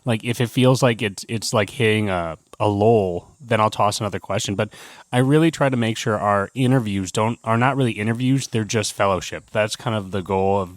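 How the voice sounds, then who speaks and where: Chatty low-voiced male podcast co-host. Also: a little fast, no echo. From Wisconsin. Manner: chatty, full of fillers like "like". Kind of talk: casual podcast chat.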